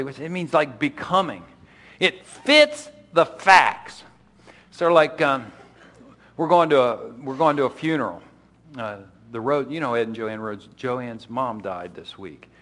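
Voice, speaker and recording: A man's voice: medium pitch, a bit bright. A middle-aged man preaching a sermon as pastor, in a loose conversational way with frequent restarts and asides.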